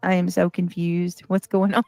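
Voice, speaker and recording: A woman's voice: fairly low pitch, level tone, moderate pace, creaky, darkish tone, no echo, clean studio sound. A woman hosting a casual panel livestream, laughing often as she reads viewer comments aloud. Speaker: livestream host.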